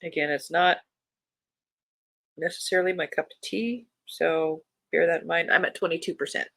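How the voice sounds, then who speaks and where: A book podcast host chatting casually and reading new-release blurbs aloud in an even storytelling way. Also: medium pitch, moderate pace, creaky, no room sound.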